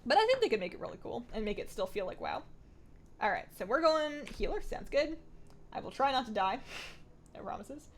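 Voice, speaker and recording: A woman's voice: on the high side, very animated, a little fast, slight background noise. Chatty woman streaming a game. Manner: chatty, thinks aloud, reads viewer chat and answers it, laughs often. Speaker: livestream host playing an online game. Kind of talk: casual gaming livestream chat.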